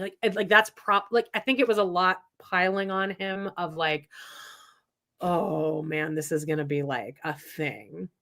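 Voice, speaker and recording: A woman's voice: mid-range voice, fairly bright tone. A woman co-hosting a podcast in casual chat, hesitant with many ums, who mocks others by quoting them in put-on voices. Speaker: podcast co-host.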